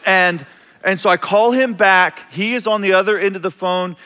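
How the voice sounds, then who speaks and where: A man's voice: high voice, moderate pace, pushed and bright. A man preaching a sermon, telling a personal story and acting out the voices in it with restarts. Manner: storytelling, acts out quoted voices, self-interrupting restarts. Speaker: pastor. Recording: long reverb of a large hall.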